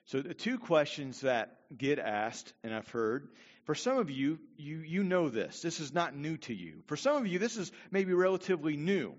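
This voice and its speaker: A male pastor gives a sermon in a fairly high voice and a relaxed, conversational way. The muffled recording rings with the long reverb of a big hall. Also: moderate pace. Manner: casual and conversational, with fillers.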